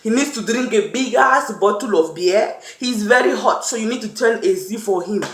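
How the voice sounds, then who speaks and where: A woman's voice: fairly high pitch, normal speed, a bit bright. A young woman from Cameroon, talking earnestly to camera and acting out little quotes as she tells her story. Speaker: vlogger. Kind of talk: personal talk to camera. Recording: echoey room.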